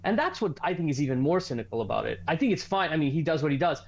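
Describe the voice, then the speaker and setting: A man's voice: fairly high pitch, very animated, very fast, gravelly, dull audio. A man taking part as an academic guest in a studio interview, arguing his points earnestly. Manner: earnest, argumentative.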